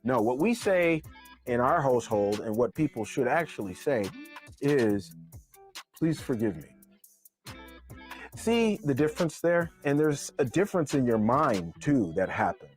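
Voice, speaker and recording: A man giving his opinion in a casual commentary. He talks emphatically and slows down with deliberate pauses to land each point. Faint guitar music plays behind him. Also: medium pitch, big pitch swings. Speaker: commentator on a clip.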